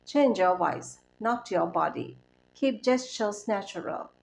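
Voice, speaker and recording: A woman reciting a poem and coaching students, with a clear, calm, measured delivery. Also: mid-range voice, slight background noise. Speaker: recitation teacher.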